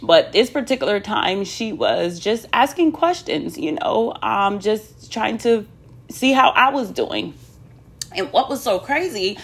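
A woman's voice: mid-range voice, lively intonation, measured pace, husky. A woman talking candidly to viewers in a casual personal vlog, chatty, with many ums and asides to "y'all". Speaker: vlogger.

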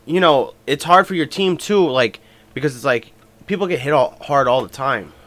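A man's voice: mid-range voice, normal speed, fairly bright tone. A man co-hosting a casual sports podcast who often agrees and drops in frequent yeahs. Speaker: podcast co-host.

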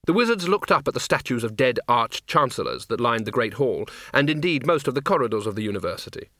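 A man narrating an audiobook in a dry, measured comic reading. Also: medium pitch, expressive, fairly bright tone, dry recording. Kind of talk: scripted narration.

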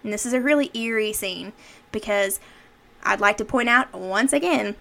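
Her medium-pitched voice is creaky, pushed and bright, moving at a moderate pace. Co-hosting a podcast, she retells a horror film scene by scene in casual chat, leaning on lots of fillers and acted-out quotes.

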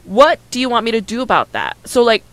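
A woman's voice: a little high, brisk, dry recording, rough recording. Candid woman telling a story. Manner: candid, animated storytelling with acted quotes; frequent "like" and "right?" fillers. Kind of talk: casual chat.

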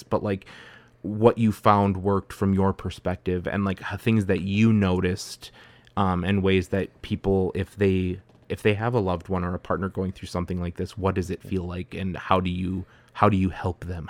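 In a low-pitched voice with no echo, a man hosts a loose, conversational podcast, rambling along with frequent fillers and restarts.

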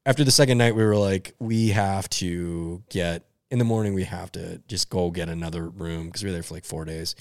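A man's voice: deep voice, fairly even intonation, fairly quick, hardly any pauses, no echo, clean studio sound. A man telling a funny story in a casual podcast chat, laid back and laughing between lines.

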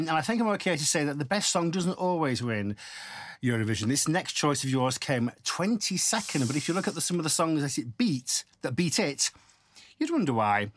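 A man's voice: a little high, a bit bright, no room sound. A man hosting a casual chat in a playful, theatrical way. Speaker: host.

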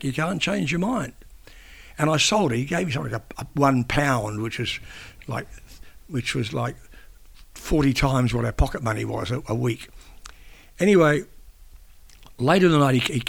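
An older man from New Zealand with a gravelly, fry-laden voice speaks as an interviewee. He was once a newspaper editor and broadcaster. He tells a personal story haltingly, often restarting his sentences. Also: medium pitch. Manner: halting, with frequent restarts and fillers.

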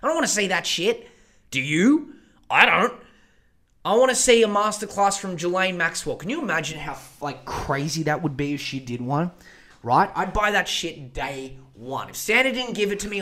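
A podcast host talking on his own in a loose, profane rant with frequent asides. His voice sits high for a man and sounds bright and forward. He jumps from one thought to the next without pausing much. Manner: crude, profane, rambling asides. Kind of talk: casual solo podcast rant.

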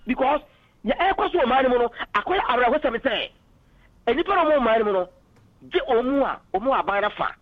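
High-voiced fast man on phone. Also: expressive, no echo, phone-quality sound. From Ghana. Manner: passionate, argumentative, mixes in English phrases. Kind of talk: political call-in talk.

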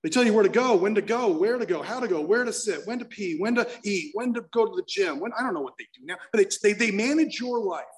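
A man's voice: high voice, expressive, fast, few pauses, distant mic. Man telling a candid recovery story. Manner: candid, emotional storytelling with restarts. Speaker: speaker sharing his story.

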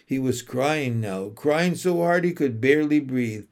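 A man narrating a children's novel in slow, deliberate, emotional storytelling. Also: mid-range voice, darkish tone. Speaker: audiobook narrator.

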